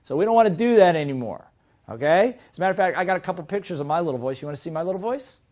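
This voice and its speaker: A middle-aged man teaching a sales seminar in a lively way, often asking his listeners questions. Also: sits high, rapid-fire. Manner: lively, asks the audience questions. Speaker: sales trainer.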